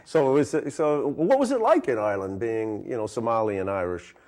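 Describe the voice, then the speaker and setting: A man's voice: fairly low pitch, very animated, brisk, a little mellow. A man hosting a talk show, rambling through teasing questions and repeating his words. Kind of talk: comic mock interview.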